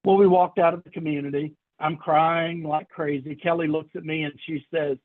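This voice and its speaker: A man's voice: on the high side, moderate pace, no echo, phone-quality sound. A man telling a story to an audience, acting out the voices of the people in it. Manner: animated storyteller, acts out quoted voices. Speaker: keynote speaker. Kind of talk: storytelling keynote talk.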